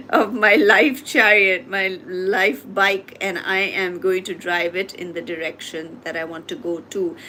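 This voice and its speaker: A woman reads tarot cards live in a mid-pitched voice, speaking straight to her viewers and pressing them with repeated questions. The recording carries a faint hum of background noise. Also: fairly bright tone. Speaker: tarot reader. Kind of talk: live tarot reading and coaching.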